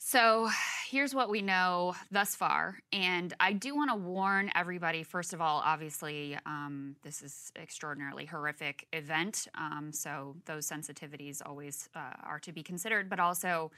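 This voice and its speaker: A woman's voice: low-pitched, sharp tone. A woman co-hosting a news show, giving sober, careful commentary on a tragic event. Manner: measured, sober, careful with caveats. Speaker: co-host.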